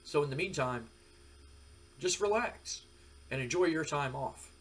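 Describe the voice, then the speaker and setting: Scheming older wrestling boss, placating, drawn-out promises, husky voice, put on by a man. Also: fairly high pitch, expressive, fairly bright tone, full character voice.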